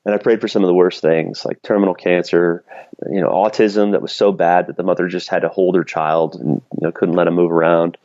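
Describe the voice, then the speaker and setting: Low-voiced man telling a candid story. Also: fairly even intonation, fairly quick, a little mellow, no echo, muffled recording. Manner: candid, self-deprecating, laughs often. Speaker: podcast guest. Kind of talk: storytelling in casual conversation.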